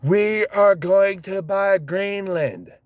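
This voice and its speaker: A man briefly mimicking a boastful older male politician, making flat, repeated declarations. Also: high voice, takes it slowly, no echo, pitched above the performer's own voice. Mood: dismissive.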